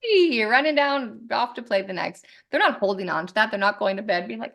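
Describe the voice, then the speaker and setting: A woman's voice: fairly high pitch, brisk, hardly any pauses. A woman in her thirties, a podcast guest talking candidly and with lots of energy in a casual conversation. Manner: candid, animated, swears freely.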